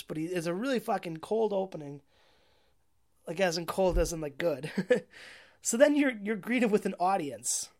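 Rambling young woman recapping a movie. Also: mid-range voice. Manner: rambling, heavy on "like" and swearing, laughs often. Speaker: movie reviewer. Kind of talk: casual plot recap.

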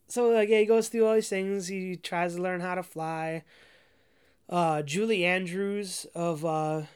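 Rambling low-voiced woman ranting about a movie. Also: steady tone, a little slow, a little mellow, clear, resonant tone. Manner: rambling, full of "like" fillers, profane, laughs often. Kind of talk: casual rambling movie rant.

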